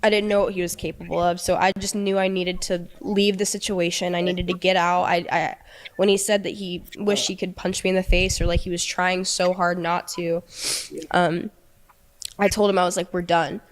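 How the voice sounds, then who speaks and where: A young woman recounting a painful personal story, halting and emotional, restarting often. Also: fairly low pitch, level tone, long reverb tail. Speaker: storyteller in a played video.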